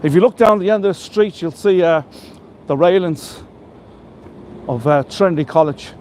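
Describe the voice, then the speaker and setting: A man's voice: high-pitched, moderate pace, darkish tone. An Irish man leading a live walking tour through city streets, chatty and enthusiastic, heaping praise on the buildings he shows. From Ireland. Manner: enthusiastic, chatty, full of superlatives. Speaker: tour guide. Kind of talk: live walking tour with viewer shout-outs. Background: faint street and traffic noise.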